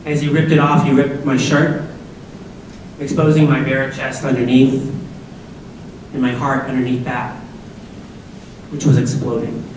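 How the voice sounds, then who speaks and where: A man's voice: mid-range voice, little pitch movement, a little slow, pauses often, darkish tone, distant mic, slight background noise. Middle-aged man telling a story in an echoey hall. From Massachusetts, USA. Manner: conversational, asks audience questions, jokey asides. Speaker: speaker at a school assembly. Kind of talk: personal storytelling speech.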